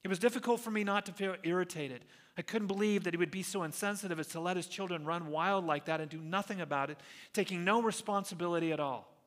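A male pastor preaching a sermon in an earnest storytelling way, slowing down to stress key phrases. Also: sits high, a bit bright. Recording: long reverb of a large hall.

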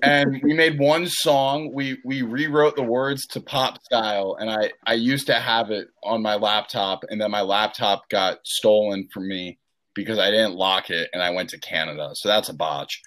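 A man's voice: on the low side, steady tone, moderate pace, a bit bright. Man telling a casual anecdote. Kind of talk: casual storytelling.

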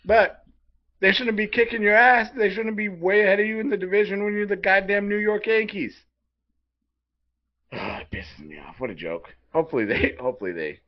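A man on a sports podcast, ranting with fire and swearing in nearly every sentence. His voice sits a little high for a man. The audio is dull and lo-fi. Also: very animated, moderate pace. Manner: profane, fired-up ranting. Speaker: podcast co-host. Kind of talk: heated sports rant.

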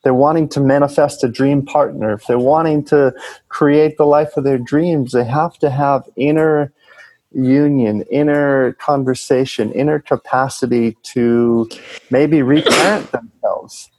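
Husky-voiced man, earnest spiritual chat. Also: mid-range voice, measured pace, no room sound, low-quality recording. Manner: animated, swearing, earnest. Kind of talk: casual spiritual conversation.

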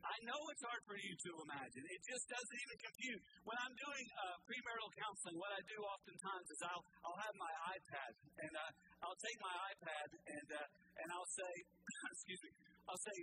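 A pastor preaching a folksy, animated sermon to the congregation, swinging from loud emphasis to soft, low asides. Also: male voice, fairly quick. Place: church sanctuary. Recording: live sermon with clear room noise.

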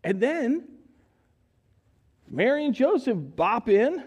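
A middle-aged man preaching a sermon in a church, telling the story with animated voices and questions to the congregation. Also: very high-pitched, slow pace, breathy edge. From United States. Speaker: pastor. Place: church sanctuary.

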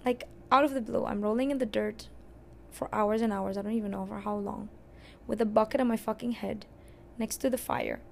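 A young adult woman hosting a podcast, candidly telling a personal story in a casual, expressive way and cursing now and then. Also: mid-range voice, brisk, vocal fry, a little hiss or hum. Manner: candid and expressive, swears and laughs at herself. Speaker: podcast host.

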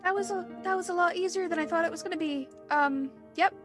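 A woman's voice: very high-pitched, fast talker, music in the background. A woman player in a tabletop role-play who talks in a flustered, stammering, pleading way.

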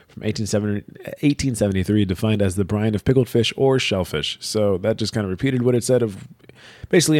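A man's voice: on the low side, no echo, clean studio sound. A young American man co-hosting a podcast, reading from a wiki with profane, sarcastic asides. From United States. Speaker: podcast co-host. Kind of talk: casual chat, reading from a wiki.

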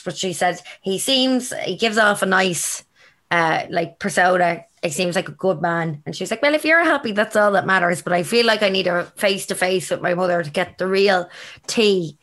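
A young Irish woman co-hosting a dating podcast in a casual, rambling chat, a little raspy after a night out and laughing often. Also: lowish voice, normal speed, fairly bright tone. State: slightly raspy and hungover. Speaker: podcast co-host.

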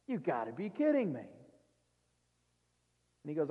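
A male pastor with a high voice preaches in an easy, conversational way, firing off rhetorical questions and quick asides. The sound is thin and tinny, like a phone line, and a long reverb hangs after his words. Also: wildly swooping pitch. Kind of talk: sermon.

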